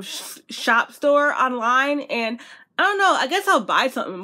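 A woman vlogging as an excited fan, gushing breathlessly and repeating herself. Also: on the high side.

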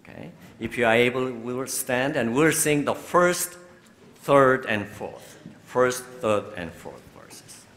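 A man's voice: medium pitch, lively intonation. A man in his sixties with a Korean accent, a bishop telling stories in a sermon, often laughing. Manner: warm storytelling, laughing often, slow and deliberate. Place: large church sanctuary. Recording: long hall reverb from a church.

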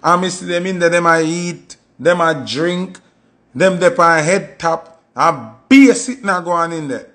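A man with a Jamaican Patois accent, telling stories in a casual monologue and acting out quoted voices with sudden high jumps. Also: a little slow, a bit bright. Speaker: commentator.

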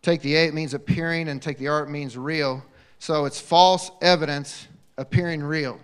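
A man's voice: on the high side, fairly even intonation, normal speed, clear, resonant tone. Guest preacher, man, middle-aged, resonant tenor, chatty storytelling delivery peppered with amens. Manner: storytelling, frequent amens, many fillers and restarts. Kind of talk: sermon. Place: church sanctuary.

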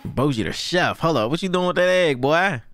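A young man hosting a casual anime reaction, excitable and slangy, laughing often and breaking into delighted shouts. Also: fairly high pitch, a little fast, faint music behind.

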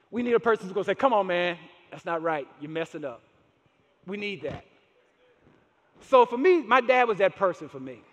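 A man pastor preaching a sermon in a church, speaking emphatically and repeating key phrases for emphasis. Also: high voice. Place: church sanctuary. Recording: long reverb in a large church hall.

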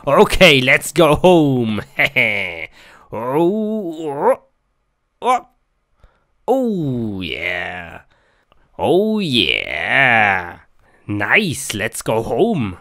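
A man acting out a comedy skit in halting, broken English, talking himself through each step with many "oh" and "hmm" sounds. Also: mid-range voice, sing-song, creaky, pushed and bright. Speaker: skit performer.

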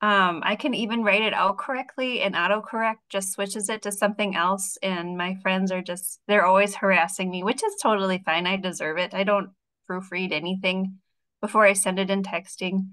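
Woman, panelist, candid, self-deprecating, middle pitch. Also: steady tone, moderate pace, fairly bright tone. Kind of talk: panel discussion.

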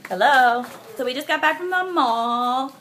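A woman's voice: sits high, a little slow, a bit bright. A young woman talking casually to her camera in a daily vlog, chatty and goofy, filling her talk with "like". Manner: chatty and goofy, full of "like" fillers, jokes around. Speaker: vlogger.

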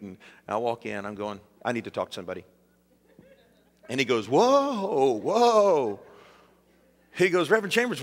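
A middle-aged man with a Southern US accent, a pastor telling a story in a sermon, conversational and animated, leading the congregation in call-and-response. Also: on the high side. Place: church sanctuary. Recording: long church reverb.

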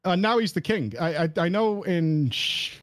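A man guesting on a podcast, telling a story in an animated, emphatic way and laughing often. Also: sits high, moderate pace. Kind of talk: casual podcast chat.

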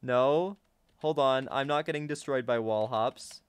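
A young man casually commenting on his own gameplay to viewers, excitable and chatty, often gasping and laughing. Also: mid-range voice, measured pace, smooth. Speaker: gaming YouTuber.

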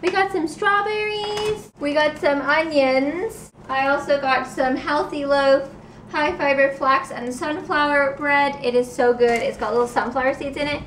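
A woman's voice: high voice, unhurried, fairly bright tone, a little hiss or hum. A young woman vlogger in casual chat, upbeat and chatty, showing her groceries at home. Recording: roomy, distant camera mic.

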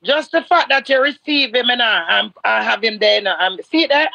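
Gravelly Jamaican woman ranting. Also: expressive, brisk, muffled recording, background noise. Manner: ranting, swearing, swings between low mutters and shouting. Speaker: live stream host. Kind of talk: heated live-stream rant.

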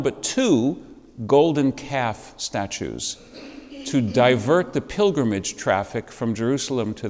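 A man leads an adult Bible class in a church, speaking at a middle pitch in a chatty, lecturing way. He drops wry asides with a chuckle and puts questions to the class. His voice carries a long reverb from the church room. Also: darkish tone.

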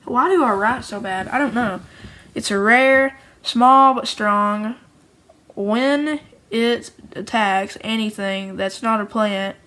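A woman's voice: medium pitch, fairly bright tone, poor audio. A woman who makes her own card game, casually and cheerfully going through each card, rambling and often restarting her sentences. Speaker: homemade card game creator.

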